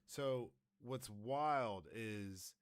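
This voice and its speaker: Slow-talking, smooth-voiced man on a podcast. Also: medium pitch, dry recording, studio quality. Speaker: podcast host. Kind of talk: casual podcast chat.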